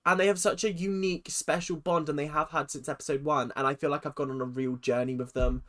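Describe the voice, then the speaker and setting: A man doing casual reaction commentary, excitable and quick to swear as he talks back at the screen. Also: on the high side. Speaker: reaction channel host.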